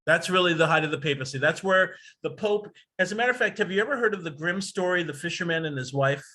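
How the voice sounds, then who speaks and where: A man's voice: a little high, quick pace, sharp tone. A man hosting an astrology workshop over a video call, lecturing casually in a rambling, digressive way with the odd swear word.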